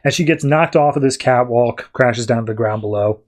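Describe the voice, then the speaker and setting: Brief: casual male podcast host, loose chatty recap, mid pitch. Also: moderate pace.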